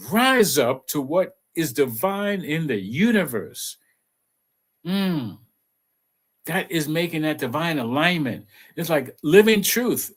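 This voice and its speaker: A man, a reverend, giving a reflective spiritual talk and leading slow guided affirmations with pauses and repeated phrases. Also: a little high.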